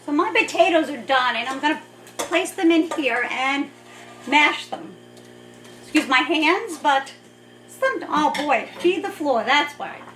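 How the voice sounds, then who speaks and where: Her high-pitched voice is expressive, unhurried, and a bit bright as she hosts a casual cooking demonstration at home, chatting cheerfully and laughing frequently. A mic placed at a distance gives the kitchen a roomy sound.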